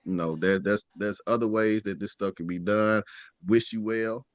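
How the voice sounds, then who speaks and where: A man's voice: on the low side, steady tone, normal speed, no room sound, dull audio. A man in his late thirties who works as a school gym teacher, talking casually on a podcast in a laid-back storytelling way with frequent asides.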